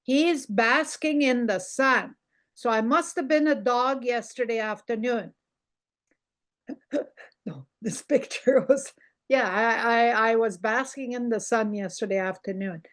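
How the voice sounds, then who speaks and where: Slow, patient woman teaching a language. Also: fairly high pitch. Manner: slow, patient, repeats words for learners. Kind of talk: online language lesson.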